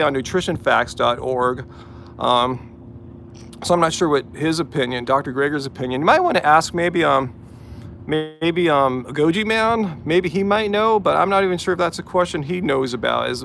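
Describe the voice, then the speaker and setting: A man's voice: on the high side, gravelly, a bit bright, a little hiss or hum. A man hosting a casual live-chat Q&A from a vehicle after a run, easygoing and chatty with lots of "like" and "um". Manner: easygoing, chatty, heavy use of "like" and "um". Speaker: host of a live stream.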